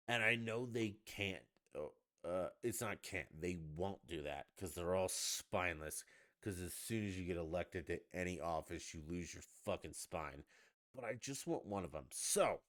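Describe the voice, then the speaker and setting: A man hosting a podcast livestream, ranting casually with lots of swearing and sudden loud outbursts. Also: sits low, measured pace. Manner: profane, ranting, animated outbursts. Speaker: podcast host.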